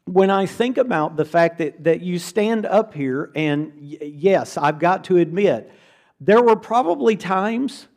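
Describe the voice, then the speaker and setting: A man's voice: a little high, a little mellow. A middle-aged man preaching a conversational, earnest sermon to a church congregation, often repeating words for emphasis.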